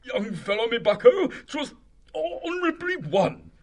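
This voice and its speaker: A man's voice: extremely high pitch, big pitch swings, measured pace, voice pushed up, heavily acted. A man reading aloud and voicing a blustering, plummy old male hare. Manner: plummy, exclamatory.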